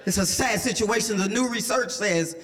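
A middle-aged woman pastor preaching an impassioned sermon, dropping to whispers and then rising to shouts. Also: mid-range voice, moderate pace, a faint crowd.

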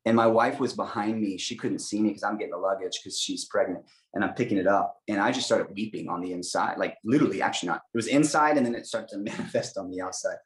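A man's voice: lowish voice, fast talker, reverberant, poor audio. A young adult man from the United States, telling an emotional faith story with lots of fillers. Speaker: guest missionary. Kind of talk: storytelling testimony.

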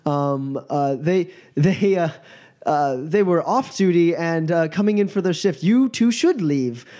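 A man's voice: on the high side, lively intonation, unhurried, mellow. A man voicing a flustered young police officer who stammers nervously. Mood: apologetic.

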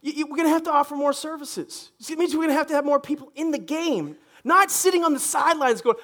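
A pastor preaching a lively sermon, joking and acting out people's voices as he goes. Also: very high-pitched, fast talker, hardly any pauses. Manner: animated, joking, acts out congregants' voices. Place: church stage.

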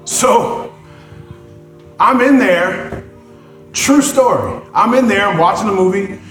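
Animated preacher in an echoey church. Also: male voice, sits high, takes it slowly. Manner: animated, swings from loud exclamations to hushed prayer. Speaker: pastor. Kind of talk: sermon with storytelling and prayer. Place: church sanctuary. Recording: echoey church hall with music behind.

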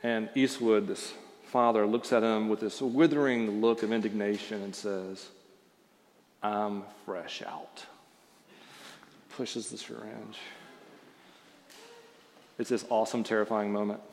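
A man's voice: fairly low pitch, steady tone, moderate pace, in a large hall, slight background noise. A man preaching a sermon as a pastor, talking in an informal, storytelling way with fillers and restarts. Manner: conversational, with frequent fillers and restarts.

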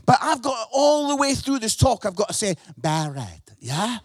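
A Scottish man preaching to a church congregation with a strikingly high voice. He talks in an animated, emphatic way and keeps checking in with his listeners. The sound is close and dry, with hardly any room around it. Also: a little fast, dry recording. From Scotland. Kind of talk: lively sermon.

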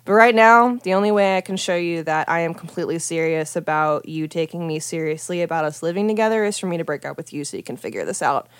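A woman's voice: lowish voice, fast talker, few pauses, smooth, no echo, studio quality. A young woman telling a story in casual chat, chatty and profane, with many "like" fillers.

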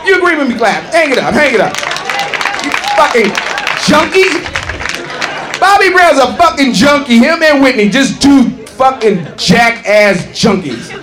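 Brash high-voiced man doing stand-up. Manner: brash, profane, shouting, mimicking singers. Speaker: stand-up comedian. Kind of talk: stand-up comedy set. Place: comedy club stage. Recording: live club recording with crowd. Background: audience laughing and clapping.

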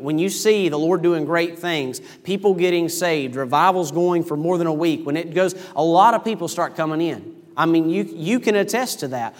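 A man preaching a sermon in a church, retelling a story in a lively, animated way. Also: a little high, big-room sound. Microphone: microphone over PA.

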